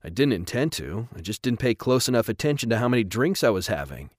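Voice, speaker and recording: A man's voice: mid-range voice, very animated, fast talker, no echo, studio quality. A man voicing a defensive teenage boy who protests in a raised, strained voice in an audiobook. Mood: upset protest.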